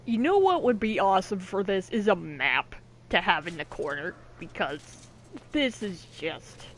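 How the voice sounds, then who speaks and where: A woman's voice: mid-range voice, animated, unhurried, a little hiss or hum. A woman hosting a let's-play video, chatting casually, giggling often and trailing off mid-thought. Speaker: gaming video host.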